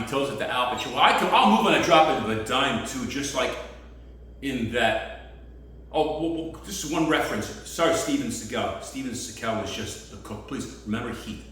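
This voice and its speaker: A man doing rambling, digressive street stand-up comedy outdoors, with sudden loud bursts. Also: medium pitch, heavy reverb, far from the mic, slight background noise.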